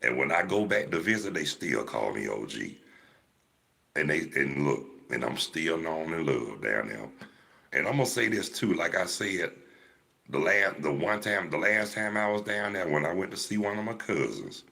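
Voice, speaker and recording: A man's voice: extremely low pitch, expressive, moderate pace, gravelly, bright, forceful tone. An older man, chatting to a live audience in a laid-back, rambling storytelling way. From Georgia, US. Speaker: livestream host. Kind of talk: casual storytelling to live chat.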